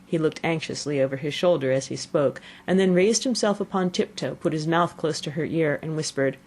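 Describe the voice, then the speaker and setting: A woman narrating a classic children's story in a measured, expressive reading. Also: deep voice, vocal fry. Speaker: audiobook narrator.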